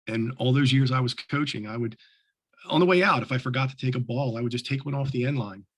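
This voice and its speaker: A middle-aged man, a lacrosse official, telling stories to fellow officials in an animated way with many restarts. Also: medium pitch, quick pace. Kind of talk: storytelling talk to officials.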